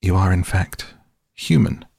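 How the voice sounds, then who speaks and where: A man's voice: sits low, lively intonation, measured pace, gravelly, darkish tone, breathy edge, no echo, studio quality, heavily acted. A man voicing a fussy, polite male faun who flusters and repeats himself eagerly. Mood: flustered, eager.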